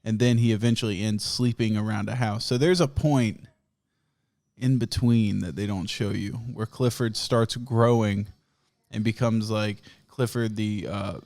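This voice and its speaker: A man's voice: lowish voice, fairly even intonation, unhurried, darkish tone. A man hosting a podcast, telling rambling, profane comic stories and laughing often. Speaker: podcast host. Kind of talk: casual comedic storytelling.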